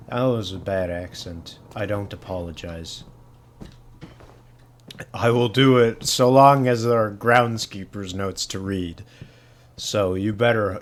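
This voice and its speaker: A man's voice: sits low, a little hiss or hum. A man casually commenting while he plays a horror game, rambling with plenty of fillers and restarts. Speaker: gaming channel host.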